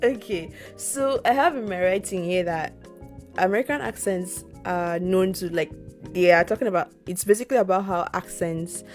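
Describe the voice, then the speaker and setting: A woman's voice: fairly low pitch, moderate pace, a little mellow, faint music behind. A young woman with a Nigerian accent co-hosting a casual podcast chat, reflective and prone to repeating words for emphasis. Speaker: podcast co-host.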